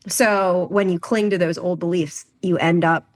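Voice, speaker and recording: Low-voiced woman podcast co-host. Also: unhurried. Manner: frank, rises into lively quoting. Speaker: podcast co-host, health coach. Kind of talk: casual podcast chat.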